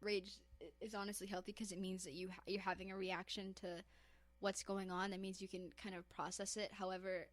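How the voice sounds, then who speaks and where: A woman's voice: medium pitch, level tone, fairly quick. A woman co-hosting a casual podcast chat, teasing her co-host and laughing often.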